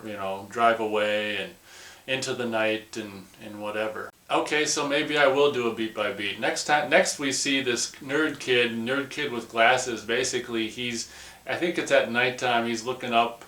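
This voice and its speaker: A man's voice: medium pitch, steady tone, normal speed, pushed and bright. Male film reviewer, rambling casual recap, echoey room. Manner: rambling, loose, peppered with "or whatever". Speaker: movie reviewer.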